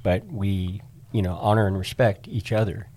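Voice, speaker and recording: A man co-hosting a radio chat with a husky, somewhat low voice, mostly chiming in with short agreeing remarks. He speaks calmly about respect and faith. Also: moderate pace. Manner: agreeable, short affirming interjections.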